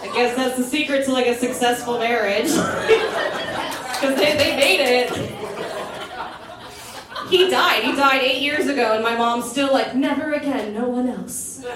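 Slow-talking woman, far and echoey. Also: high voice, a crowd in the background. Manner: laughing, chatty, lots of "like". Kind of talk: casual comedic storytelling. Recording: very echoey, far from mic, noisy.

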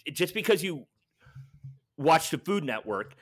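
A man's voice: on the high side, very animated, unhurried, slightly rough. A man co-hosting a casual podcast, talking loosely with many ums and uhs. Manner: rambling, many fillers, loud at times. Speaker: podcast co-host. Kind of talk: casual chat.

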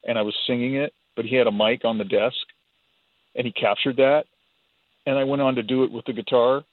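A man's voice: mid-range voice, steady tone, a little fast, dry recording. A man talking casually as a guest in a phone interview, rambling and self-deprecating, often repeating his words. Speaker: guitarist guest. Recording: tinny phone line, husky.

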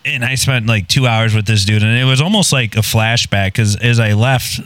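A man in the middle of a loose, profane story, talking bluntly and laughing at his own mistakes. His voice sits at an ordinary pitch and is recorded close and dry, with no room sound around it. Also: normal speed, fairly bright tone, no room sound. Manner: blunt, profane, self-mocking. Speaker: podcast guest telling a story. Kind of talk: casual storytelling.

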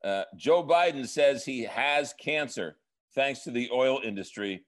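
A man's voice: medium pitch, expressive, measured pace. A man co-hosting a podcast, telling earnest stories in casual chat and making fun of himself. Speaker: podcast co-host.

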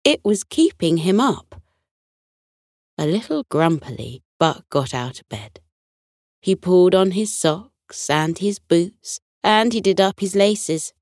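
A woman narrates a children's bedtime story at a slow, unhurried pace, her pitch gently rising and falling with the tale. The recording is close and dry, with no room sound. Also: no echo. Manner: soothing, unhurried and expressive.

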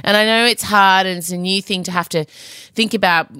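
A woman hosting a podcast in a chatty, jokey, self-mocking way, her voice deep and rough from early morning. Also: steady tone, fairly quick, pushed and bright, no room sound. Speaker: podcast host. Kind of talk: casual solo podcast chat.

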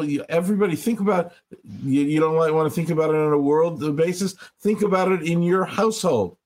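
An older man, a rabbi, talking earnestly in an interview and slowing down to stress his points as he tells stories. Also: fairly high pitch. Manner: earnest, storytelling, slows for emphasis. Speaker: rabbi, guest speaker. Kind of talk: reflective interview talk.

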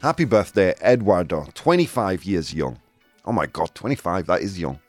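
Lively jovial man hosting a show. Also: low voice, normal speed, dry recording, soft background music. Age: 40s. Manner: jovial and playful, laughs often. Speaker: host. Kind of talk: live show hosting chat.

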